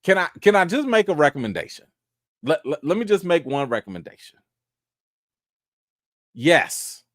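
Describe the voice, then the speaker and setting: A man hosts a live chat stream from home, his voice leaping up into loud mock indignation and then dropping to a low mumble. He talks in slangy, casual bursts full of restarts. The sound is dry and close to the mic. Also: moderate pace, no echo. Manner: animated, teasing, swings between loud mock outrage and low mumbling. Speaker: host of a live chat show.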